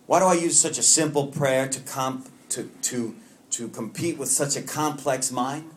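A man's voice: mid-range voice, normal speed, a little hiss or hum. Earnest New man sharing with a group. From Long Island, New York. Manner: earnest and heartfelt, with self-mocking humor. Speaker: speaker leading a recovery meeting. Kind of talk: personal share to a support group. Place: meeting room with a group.

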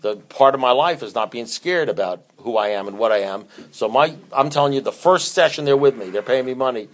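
A middle-aged man who counsels divorcing couples and sponsors people in recovery talks unscripted in a blunt, streetwise way. He rambles, restarts and repeats himself, and gets animated at times, speaking briskly at a medium pitch.

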